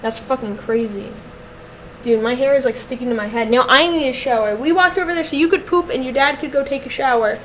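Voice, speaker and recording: A young woman with a high voice talks casually on a live stream, venting with a steady stream of profanity. She slips into soft baby talk when she speaks to her dog. A faint background ambience sits under her voice. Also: fairly quick, slight background noise, rough recording. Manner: exasperated, heavily profane ranting.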